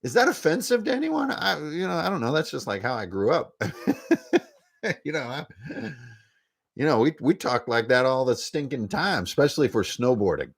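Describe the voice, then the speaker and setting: A man's voice: mid-range voice, sing-song, normal speed, vocal fry, breathy edge. Folksy drawling man, rambling vlog chat. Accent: folksy rural American drawl. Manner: jokey, profane, self-mocking asides. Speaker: tabletop game designer and channel host. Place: indoor studio with shelves.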